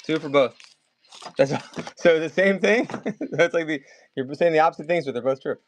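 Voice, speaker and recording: Calling bids quickly during a laid-back live comic auction, a man with a Maryland accent chats and rambles for his stream. His voice is a little high, and there's a bit of hiss or hum.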